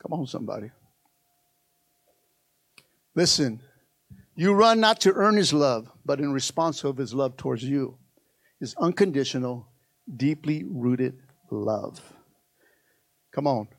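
A man preaching a sermon to his church in a call-and-response style, building to loud, emphatic peaks. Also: a little high, dry recording. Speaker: pastor.

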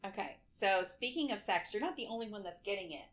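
A woman's voice: medium pitch, expressive, quick pace, a bit bright. A woman co-hosting a podcast in casual chat, laughing often and reading news aloud. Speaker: podcast co-host.

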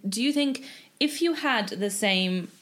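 A woman's voice: medium pitch, expressive, measured pace, fairly bright tone. A woman hosting an interview, asking questions in an encouraging way. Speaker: interviewer, host.

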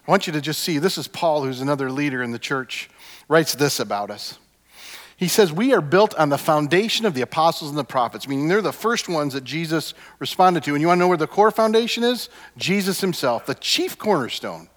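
A man preaching a sermon as a pastor, emphatic, with repeated refrains that swing from hushed to loud. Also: on the high side, lively intonation, fairly quick. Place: church sanctuary. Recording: long hall reverb.

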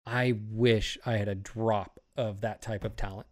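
A man's voice: on the low side, fairly even intonation, a little slow. A man talking in a casual podcast chat, rambling and profane, often getting fired up. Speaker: streamer and podcast host.

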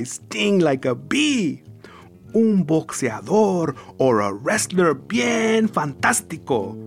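A man doing a stern dad who pushes his boy toward boxing, his voice slow and lively in pitch. Music plays underneath the storytelling. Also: full character voice. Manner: firm, coaxing, sprinkled with Spanish words. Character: stern, pushy father of a young son. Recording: music playing behind the voice.

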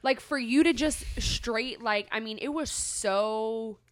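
A woman's voice: a little high, slow, no echo. A young woman co-hosting a podcast, telling a story in casual chat with lots of filler words. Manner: animated storytelling, many "like" fillers. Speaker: podcast co-host.

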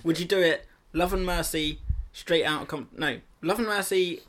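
A man's voice: a little high, steady tone, moderate pace, fairly bright tone. A man co-hosting a podcast in casual chat, playful and teasing, laughing often. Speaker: podcast co-host.

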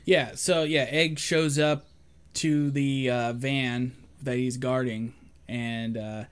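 A man's voice: medium pitch, steady tone, slow pace, clean tone. Casual man recapping a movie. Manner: loose retelling with fillers and quoted lines.

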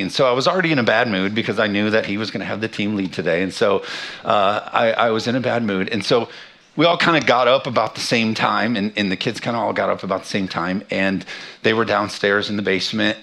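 Joking pastor, bright lower voice. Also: male voice. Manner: humorous, self-deprecating family storytelling. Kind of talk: sermon. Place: church sanctuary.

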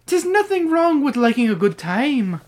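A podcast reader voicing a cheery old male leprechaun with a lilting put-on Irish brogue, pitched higher than their own voice. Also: big pitch swings, normal speed, darkish tone.

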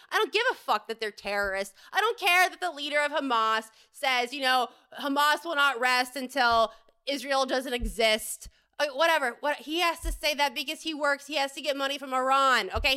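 A woman's voice: sits high, normal speed, pushed and bright. A woman hosting her own podcast, delivering an angry, profane, rambling solo rant. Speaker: podcast host. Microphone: home podcast setup.

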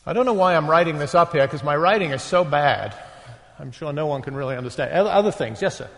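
A man in his sixties from northeast England, his accent tempered by decades living in the US, gives a halting, conversational retreat talk before an audience in a big hall, peppered with fillers and self-deprecating asides. His voice is a little high, expressive, and fairly bright, with vocal fry, and the hall's long reverb is audible.

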